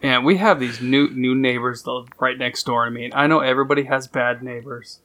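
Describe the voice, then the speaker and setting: Casual co-host type, bright tense tone, blunt and cussing, self-mocking. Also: male voice, mid-range voice, fairly even intonation, fairly quick. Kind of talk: casual chat.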